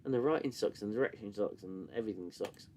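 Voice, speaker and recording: A man's voice: fairly low pitch, fast, a little mellow, slight background noise. A man hosting a live-stream review, sarcastic and swearing, interrupted by coughing fits. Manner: sarcastic, swears, reads chat and mocks scenes. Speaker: host reviewing a TV show. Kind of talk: casual live-stream commentary.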